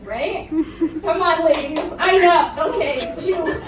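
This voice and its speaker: A woman's voice: very high voice, slow, noisy background. A young woman doing a stand-up comedy set, chatty and self-deprecating, often laughing through her lines. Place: performance venue with audience. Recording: echoey room from far off.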